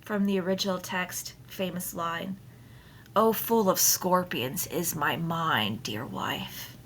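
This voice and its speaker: Female teacher, unhurried classroom read-aloud into a computer mic, bright tone, chatty and playful. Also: on the low side, a little hiss or hum. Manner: playful, chatty asides with frequent laughter. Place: at home. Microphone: computer mic on a screen recording.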